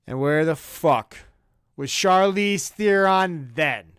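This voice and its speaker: A man telling a comedic story on a podcast, profane and animated, with sudden loud bursts. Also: fairly high pitch, takes it slowly, smooth, dry recording, clean studio sound. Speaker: podcast co-host.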